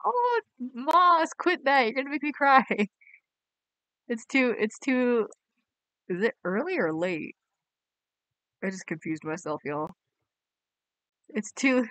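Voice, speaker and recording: A woman's voice: a little high, clear, resonant tone, no room sound. A young woman, chatting casually on a game live stream and reading her chat aloud in a bubbly way. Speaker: game livestreamer.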